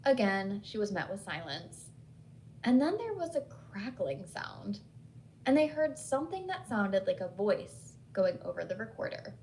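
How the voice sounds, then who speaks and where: A woman host narrating a ghost story in a steady, measured way. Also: medium pitch, slight background noise, rough recording. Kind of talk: scripted horror story narration.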